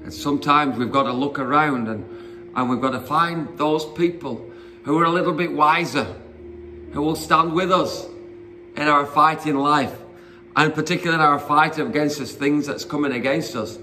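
A man preaches in a loose, conversational way, wandering through asides and fillers. His voice sits a little high, with a faint ambient hum behind him. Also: moderate pace, bright, forceful tone. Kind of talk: informal sermon retelling Bible stories.

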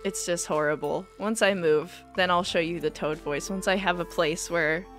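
A woman live-streaming a video game, chatting casually in a rambling, self-deprecating way, full of "like" and quick giggles. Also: fairly low pitch, fairly even intonation, a bit bright, soft background music.

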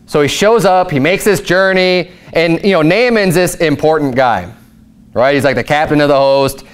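A man's voice: on the high side, normal speed, clean tone. Conversational male pastor preaching. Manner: conversational, animated storytelling. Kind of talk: sermon.

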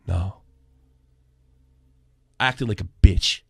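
A man in his forties hosting a podcast, telling a story and ranting with constant swearing, dropping low and then shouting. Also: expressive, a little fast, vocal fry, dry recording. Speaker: podcast host. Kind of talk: profane commentary rant.

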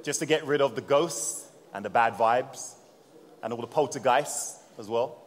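A man presenting a live bar seminar at a middling pitch, chatting and joking with the crowd as he works. His voice rings with a long hall reverb. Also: moderate pace. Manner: jokey, chatty, addresses the audience. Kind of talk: live cocktail demonstration talk. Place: seminar room at a bar trade show.

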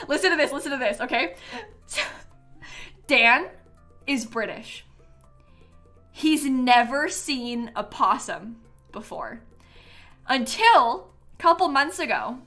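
A young adult woman chatting casually on a live stream, animated and prone to breaking into laughter. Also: high voice.

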